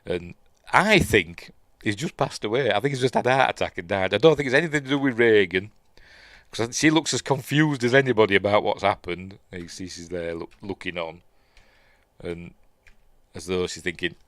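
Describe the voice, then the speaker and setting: A man's voice: fairly low pitch, normal speed, fairly bright tone, no echo, studio quality. A man with a Yorkshire accent gives a casual, rambling watch-along commentary on a film, full of fillers and restarts, as host of his own show. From Yorkshire, England.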